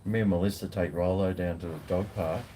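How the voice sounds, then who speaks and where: A man's voice: low-pitched, steady tone, brisk, dark tone, a little hiss or hum. An Australian man, a food vlogger, chatting casually and rambling in a laid-back way on a home veranda. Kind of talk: casual live chat.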